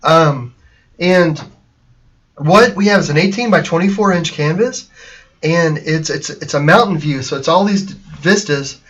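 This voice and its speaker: A man's voice: on the high side, measured pace, fairly bright tone, husky, lo-fi sound. A man hosting a casual show from his art studio, talking in a rambling way with many fillers and restarts. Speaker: painter and host.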